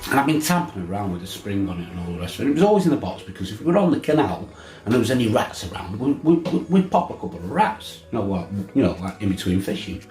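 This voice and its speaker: An English fishing vlogger tells a rambling anecdote casually, swearing and laughing as he restarts again and again. His voice is on the low side and darkish, sing-song and quick, in an echoey room with soft background music.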